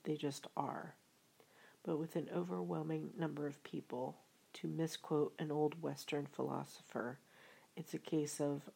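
A woman reading an audiobook in a soft, half-whispered way. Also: sits low, steady tone, measured pace, vocal fry, slightly rough, poor audio. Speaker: audiobook reader. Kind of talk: audiobook narration.

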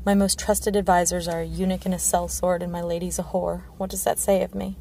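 A woman reading a storybook part of a bitter, sharp-tongued dwarf lord, with a sardonic, sour manner. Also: lowish voice, level tone, a little fast, creaky, slight background noise.

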